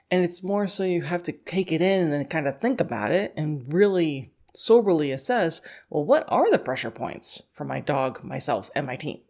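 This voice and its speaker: A woman teaching scent work to dog handlers in a relaxed, conversational podcast. She thinks aloud with plenty of "you know" and "like", laughing often. Now and then she slips into playful voices for a dog's thoughts. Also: low-pitched. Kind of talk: casual instructional podcast talk.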